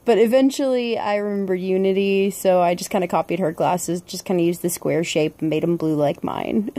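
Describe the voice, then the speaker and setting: A woman's voice: on the low side, moderate pace, mellow. A young woman chatting casually and upbeat as she narrates her own art video, laughing often. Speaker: vlog host, artist. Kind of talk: casual voice-over commentary.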